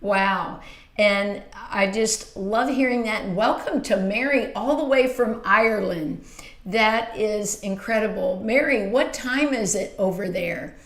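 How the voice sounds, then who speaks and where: Reading viewer comments on her casual beauty livestream, a woman in her fifties gushes and chats warmly with frequent exclamations. Her mid-range voice moves at an unhurried pace. The small home filming room is echoey.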